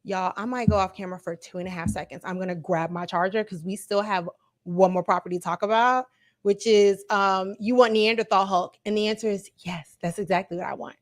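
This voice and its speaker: A woman hosting a casual livestream, chatting to her viewers and reacting as she talks, animated and quick to laugh. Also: medium pitch. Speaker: livestream host.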